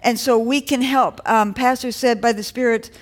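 Woman pastor, slightly high voice, chatty sermon delivery with lively exhortations to the church. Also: normal speed. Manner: conversational preaching with rising exhortations.

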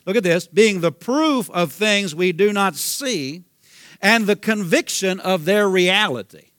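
A man's voice: high-pitched, lively intonation, a little slow, a bit bright, dry recording, clean studio sound. A man preaching a sermon with a Southern US accent, fervent and repetitive, calling out hallelujah. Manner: fervent, repeats himself, calls out hallelujah.

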